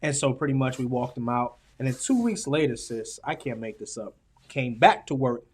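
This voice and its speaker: Young man, podcast guest, slangy, animated, storytelling, acts out voices, mid-pitched voice. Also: normal speed, breathy edge. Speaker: podcast guest, professional speaker. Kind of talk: casual storytelling chat.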